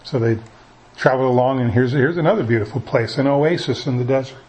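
Man preaching in a folksy halting way. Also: medium pitch, darkish tone, low-quality recording. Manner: folksy, halting, with many restarts. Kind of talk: conversational sermon.

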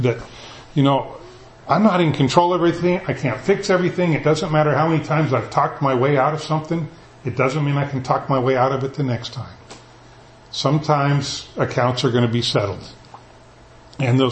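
A man's voice: on the high side, a little hiss or hum. Conversational male pastor in an echoey church. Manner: conversational, animated, paraphrases scripture in everyday talk. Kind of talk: sermon. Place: church sanctuary.

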